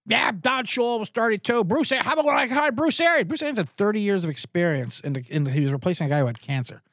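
A man's voice: high-pitched, animated, quick pace, a bit bright, dry recording, studio quality. A man hosting a sports betting podcast, ranting sarcastically with plenty of profanity. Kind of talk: comedic sports rant.

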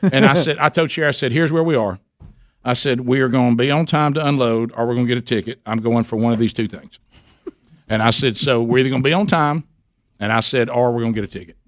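Man telling an animated story. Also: quick pace, no room sound, clean studio sound. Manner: animated storyteller, acting out quoted dialogue with big pitch jumps. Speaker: radio show host. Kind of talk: storytelling on a talk radio show.

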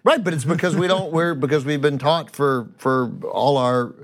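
A man's voice: on the high side, moderate pace. A man co-hosting a casual comedic podcast, emphatic and repeating his phrases as he riffs. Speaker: podcast co-host.

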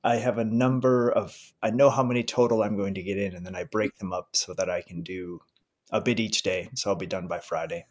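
A man being interviewed as a history professor, speaking in a measured, thoughtful way with some fillers. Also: lowish voice, steady tone. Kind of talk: casual academic interview.

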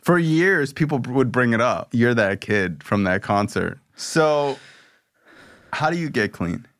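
A man's voice: medium pitch, expressive, unhurried, a bit bright. Man: podcast host, loose storytelling. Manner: loose, expletive-laced storytelling full of "like". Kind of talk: casual storytelling chat.

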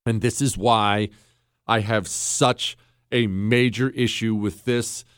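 A man's voice: on the low side, fairly even intonation, takes it slowly, clear, resonant tone, no room sound, studio quality. A man hosting a talk show, delivering a blunt, combative opinion monologue with sarcastic asides.

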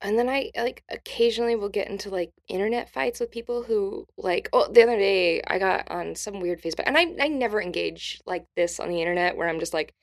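A woman comedian on a podcast, telling family stories in a casual, animated way and acting out the voices of the people in them. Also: mid-range voice, fairly quick, hardly any pauses. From New Mexico, US. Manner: animated, acts out quoted voices. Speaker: comedian guest.

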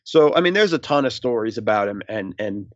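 A man's voice: on the low side, animated, a little fast, dry recording, highs cut off. A man, a former team staffer, talking as a guest in a casual interview, rambling with fillers. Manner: rambling, many fillers and restarts.

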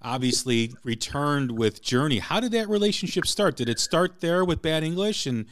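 A male podcast host asking rambling questions with the excitement of a fan. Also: fairly high pitch, moderate pace, dry recording. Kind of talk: casual interview chat.

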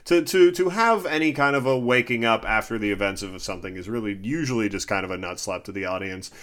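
A man's voice: fairly low pitch, fast talker. A man co-hosting a casual movie discussion, swearing freely and acting out scenes as he talks. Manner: animated, swearing, acts out scenes.

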